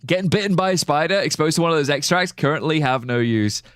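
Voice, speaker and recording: A man's voice: on the high side, quick pace, fairly bright tone, no echo, studio quality. A young man streaming a game live, chatting loosely, swearing casually and laughing at his own ideas. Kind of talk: live gameplay commentary.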